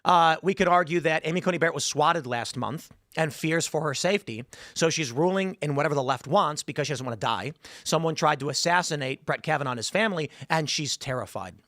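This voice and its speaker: A man with a fairly high voice hosts a political talk show on a studio mic, arguing hard and pushing up to loud emphatic peaks. The sound is dry and close. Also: a little fast, no echo. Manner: intense, argumentative, builds to loud emphatic peaks. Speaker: podcast host.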